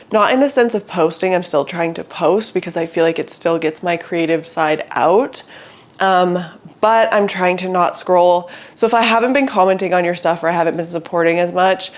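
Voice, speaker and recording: Chatty young woman vlogging casually. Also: on the low side. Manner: chatty storytelling, frequent swearing and "like". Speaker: vlogger and fitness brand founder. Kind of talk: casual vlog chat. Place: her apartment.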